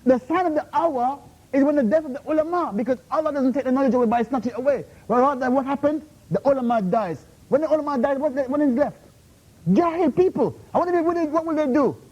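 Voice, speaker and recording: Man, very high voice, rapid-fire scolding rebuttal at a university talk; muffled recording. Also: darkish tone. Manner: confrontational, repeatedly demands "Huh? How?"; scolding, drops Arabic terms into English. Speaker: invited Islamic speaker. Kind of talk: heated Q&A rebuttal. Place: university lecture room.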